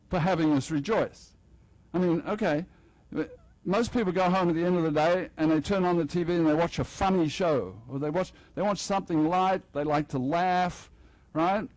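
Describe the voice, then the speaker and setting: A man's voice: on the high side, dry recording, low-quality recording. An older man preaching a festival sermon in a loose, joking, conversational way, acting out little dialogues with the congregation. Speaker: pastor. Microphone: headset mic.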